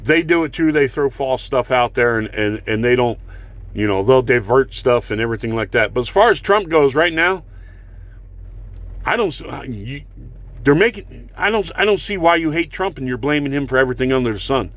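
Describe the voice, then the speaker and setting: A man's voice: mid-range voice, animated, moderate pace, a bit bright, no room sound. A man delivering an angry, profane political rant, with sarcastic mocking whoops and heated rhetorical questions. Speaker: political vlogger. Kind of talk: angry ranting monologue.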